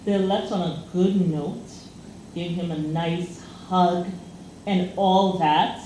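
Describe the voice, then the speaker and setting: Speaking slowly in a low, warm, steady voice, a woman co-hosts a laid-back conversation. She rambles through a story with plenty of fillers, and the echoey room carries a little faint noise.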